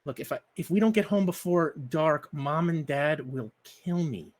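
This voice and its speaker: A weary eighteen-year-old boy who keeps coaxing his little sister to head home, as a man puts him on. He sounds patient but reluctant, his voice a touch higher and louder than plain talk when he calls out. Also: animated, normal speed, close to an everyday voice. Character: weary teenage boy, about eighteen, indulgent big brother.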